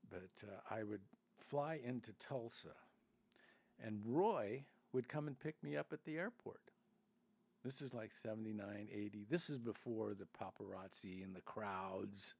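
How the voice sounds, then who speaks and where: A man's voice: lowish voice, measured pace, vocal fry, darkish tone, dry recording. An older man telling rambling stories as a podcast guest, full of restarts and asides. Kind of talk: casual storytelling.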